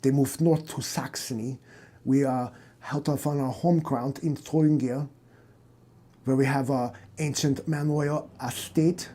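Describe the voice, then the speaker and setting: A man's voice: mid-range voice, fairly even intonation, a little slow, mellow, natural voice. A man voicing a pompous, middle-aged German psychoanalyst with a German accent, who speaks in a stiff, formal and fussy way. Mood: indignant.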